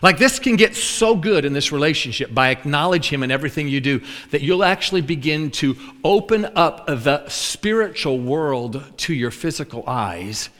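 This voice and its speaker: Joking preacher in a reverberant hall. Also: male voice, a little high, expressive, moderate pace, few pauses, a bit bright. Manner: folksy, joking storyteller. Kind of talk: sermon.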